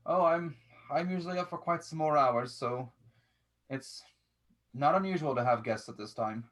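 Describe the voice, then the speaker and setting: A man's voice: on the high side, normal speed, a bit bright, natural voice. A man voicing a genteel, amused master of a manor, polite and drawling.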